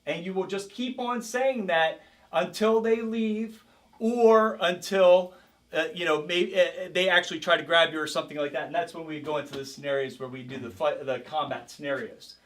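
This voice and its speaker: A man's voice: a little high, fairly even intonation, moderate pace, a bit bright. A man teaching a self-defense class as karate instructor, coaching a group with energy and calling out drills. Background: group of participants.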